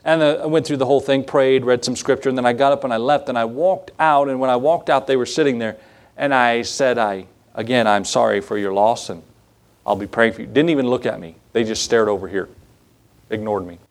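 A man's voice: medium pitch, fairly quick. A male pastor delivers a sermon with a mid-range voice. He is folksy and earnest, telling stories in a conversational way. It sounds like a church sanctuary.

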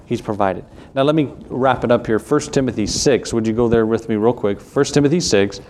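A man's voice: mid-range voice, a little mellow, slight background noise. Southern man preaching a folksy sermon. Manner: conversational preaching with folksy asides; reads scripture in King James wording.

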